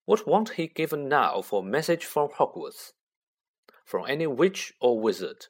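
A man reading a storybook aloud as narrator in an expressive way. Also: a little high, measured pace, husky. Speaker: audiobook reader.

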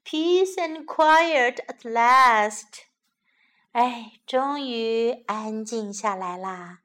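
A woman voicing a patient, worn-out mother rabbit who speaks softly and gently. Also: fairly high pitch, slow pace. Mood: weary. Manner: soft, gentle and hushed.

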